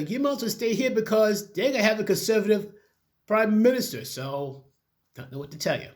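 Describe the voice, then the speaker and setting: A man's voice: high voice, animated, moderate pace. A man casually reading news articles aloud and breaking off with his own opinionated asides, often stumbling over the words.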